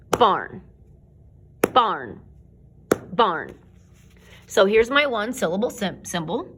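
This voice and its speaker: A woman's voice: medium pitch, fairly bright tone. A woman teaching a casual home video music lesson, chanting words and tapping out syllables and beats.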